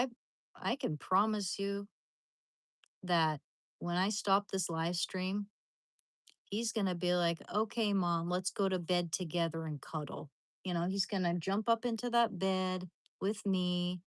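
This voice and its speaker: Chatty, low-voiced woman streaming. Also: no room sound. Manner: chatty and rambling, with many restarts. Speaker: live streamer. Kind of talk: casual livestream chat.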